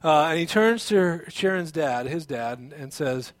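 Man, pastor; lively storytelling sermon, a touch high, dry and close. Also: a little slow, no echo. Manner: animated storytelling, many restarts and fillers.

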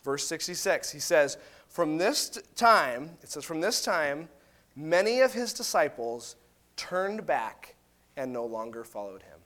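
Male pastor, higher-pitched, very animated delivery, paraphrases scripture conversationally. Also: unhurried. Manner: animated, acts out quotes of biblical figures in casual paraphrase. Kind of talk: sermon.

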